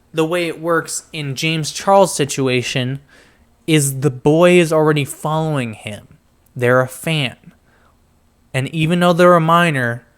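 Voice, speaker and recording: A young man hosting a podcast, chatting casually about pop culture, rambling and getting sidetracked while he reads things out. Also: on the high side. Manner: rambling, easily sidetracked, mumbles while reading. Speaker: podcast host.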